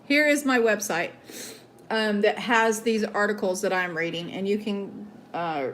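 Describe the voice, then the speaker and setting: A woman's voice: medium pitch, measured pace, fairly bright tone, slight background noise. A woman with a Southern accent who hosts a casual news show, reading articles aloud and rambling, with many fillers and restarts. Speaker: host.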